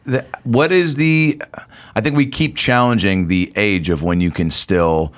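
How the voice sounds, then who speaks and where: A man in casual podcast chat, tossing off quick jokes as a comedian guest. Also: lowish voice, fairly even intonation. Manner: quick jokey banter.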